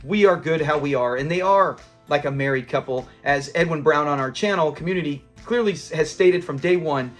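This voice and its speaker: A man hosting a review channel, casually recapping a sitcom episode, animated and acting out the characters' lines with bursts of laughter. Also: on the high side, brisk, hardly any pauses, soft background music. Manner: animated, acts out quoted lines and laughs while retelling.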